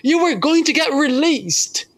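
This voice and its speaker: A man voicing an astonished prison warden who speaks loudly in disbelief. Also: very high-pitched, expressive, a little slow, voice pushed up, exaggerated voice. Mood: incredulous.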